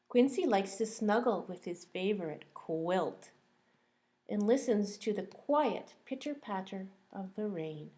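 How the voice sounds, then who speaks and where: A woman teacher reading a picture book aloud to young children, gently asking them questions along the way. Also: mid-range voice, animated, unhurried.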